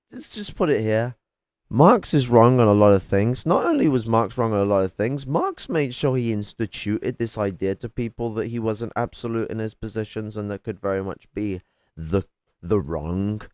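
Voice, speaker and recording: A man with a fairly low voice argues on a live stream from home, combative and sarcastic. He lectures with casual swearing. The sound is dry and close, with no room around it. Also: darkish tone, clean tone, no room sound. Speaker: political streamer debating chat. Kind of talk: heated live-stream argument. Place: home at night.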